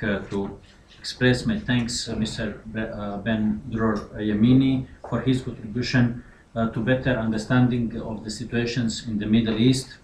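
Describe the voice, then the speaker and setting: A man moderating the event gives formal, hesitant closing thanks in a flat, even voice. The echoey hall adds room sound, with a faint hiss underneath. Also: medium pitch. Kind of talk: closing remarks. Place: lecture hall.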